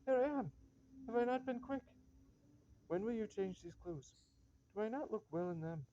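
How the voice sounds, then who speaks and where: Man doing a bossy noble lady, higher pitched, muffled audio. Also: a little fast, mellow, natural voice. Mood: bright. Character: noblewoman disguised as a man, imperious. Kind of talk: amateur reading of a stage comedy. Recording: dull lo-fi recording.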